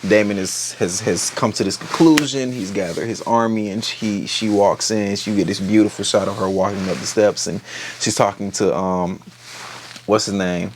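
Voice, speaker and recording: A man casually recapping a TV episode, animated and profane, acting out the characters' lines as he goes. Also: lowish voice, moderate pace, background noise. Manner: animated, profane, acts out quotes. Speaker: TV episode reviewer.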